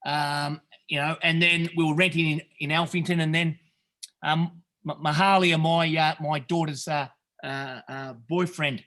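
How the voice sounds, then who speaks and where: Earnest swearing Aussie bloke. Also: male voice, a little high, steady tone, measured pace, sharp tone. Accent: Australian. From Australia. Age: middle-aged. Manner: earnest, swears freely, calls people mate; rambling with many restarts. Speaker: podcast guest, retreat founder. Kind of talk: emotional storytelling.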